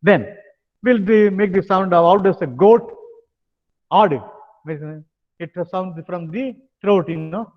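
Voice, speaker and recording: High-voiced older Tamil-accented instructor, slow. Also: male voice. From India. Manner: instructive, tags many phrases with "now", hesitant fillers. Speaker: stress management instructor. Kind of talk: lecture with guided exercises. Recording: dull sound with long hall reverb.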